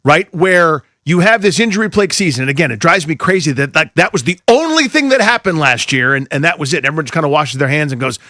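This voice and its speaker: A man's voice: a little high, expressive, fast talker, few pauses, sharp tone, no echo, studio quality. A man co-hosting a sports radio show, riffing on football with exasperated asides. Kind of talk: casual sports talk.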